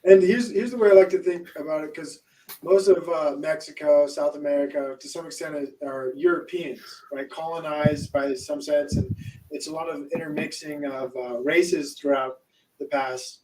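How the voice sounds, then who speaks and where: A man with a somewhat high voice muses in a laid-back way on a casual podcast, often trailing off mid-thought. He sits well back from the mic, and a faint noise runs under his voice. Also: steady tone, moderate pace, dark tone, distant mic, rough recording. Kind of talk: casual chat.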